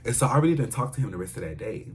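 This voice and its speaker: A man telling a personal story in a casual storytime vlog, animated and dramatic, with slangy asides to his viewers. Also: mid-range voice, very fast, slight background noise.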